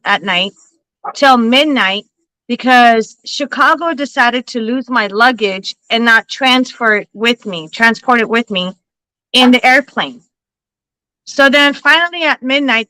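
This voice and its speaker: A woman hosting a live stream, telling a long story in a loose, animated way and swearing freely. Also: fairly high pitch, clean tone, no room sound, poor audio. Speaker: livestream host and psychic reader. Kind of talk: casual storytelling chat.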